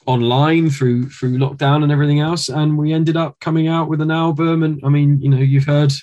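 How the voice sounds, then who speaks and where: A British man telling stories as an interview guest, rambling and animated, with many fillers and restarts. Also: a little high, fairly quick. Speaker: guest musician. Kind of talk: casual interview.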